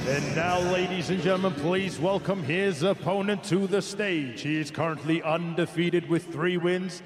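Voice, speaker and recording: A male ring announcer calling out fighters and weights with drawn-out, booming name calls at a live weigh-in. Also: faint music behind. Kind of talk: event announcing. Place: large indoor event venue. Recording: echoey hall with loud background noise.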